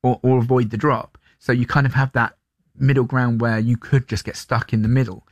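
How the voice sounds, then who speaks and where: A man co-hosting sports radio, chatty and animated as he argues football points. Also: mid-range voice, a little fast, no room sound, studio quality. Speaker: radio co-host. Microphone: studio microphone.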